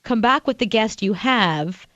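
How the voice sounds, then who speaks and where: A woman's voice: a little high, a little slow, no echo. Chatty woman radio co-host, muffled. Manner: chatty storyteller, animated, laughs often. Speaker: radio show co-host and author. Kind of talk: casual radio banter.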